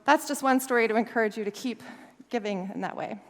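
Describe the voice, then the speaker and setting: A woman guest speaker telling a lively story, laughing often and acting out the voices of the people in it. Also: fairly high pitch, quick pace. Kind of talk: storytelling talk. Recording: long hall reverb.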